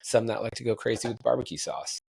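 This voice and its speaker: Gravelly, husky laid-back man. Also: medium pitch, level tone, fast talker, a little mellow, no echo. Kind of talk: casual chat.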